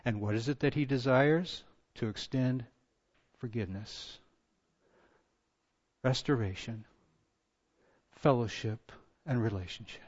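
A man preaching a sermon as pastor, full of passion and rhetorical questions, his voice swinging from loud to hushed. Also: mid-range voice, takes it slowly, long pauses, dull audio.

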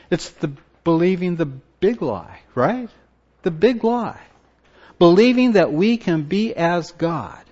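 A man preaching a sermon, slow and emphatic, often stopping to ask his listeners questions and repeating his words. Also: on the high side, darkish tone, highs cut off.

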